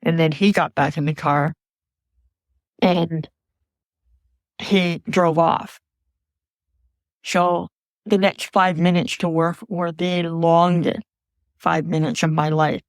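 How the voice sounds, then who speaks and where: A woman earnestly recounting a frightening personal memory as a podcast guest, in a measured storytelling voice. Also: lowish voice, fairly even intonation, no room sound.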